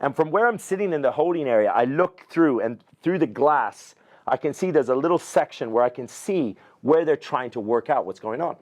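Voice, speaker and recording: Profane, animated middle-aged male storyteller. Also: medium pitch, normal speed. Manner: animated, profane, acts out other people's lines. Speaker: podcast guest. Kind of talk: casual storytelling interview.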